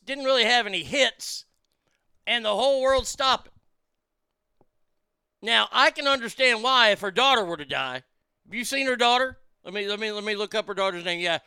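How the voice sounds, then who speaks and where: A man's voice: sits high, bright, forceful tone, clean tone, no echo. A man hosting his own show, talking in a rambling, irreverent and profane way into a studio mic. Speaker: show host. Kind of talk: casual solo show monologue. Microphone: studio mic through a mixing board.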